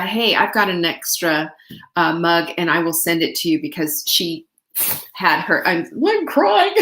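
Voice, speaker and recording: A woman's voice: lowish voice, roomy sound. A middle-aged woman hosting a casual live stream, chatty and greeting viewers by name. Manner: chatty, warm-hearted, greets viewers by name, laughs often. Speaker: livestream host.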